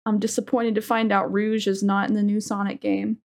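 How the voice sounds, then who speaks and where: A young adult woman co-hosting a podcast in casual chat, animated and giggly with sudden squeals. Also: medium pitch, fairly quick. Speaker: podcast co-host and streamer.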